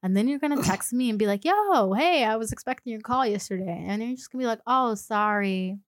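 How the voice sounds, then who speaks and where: Talking very fast in a fairly high voice, with studio-quality sound and no echo, this woman co-hosts a podcast in a casual chat. She playfully acts out small scenes and drops into a sultry tone.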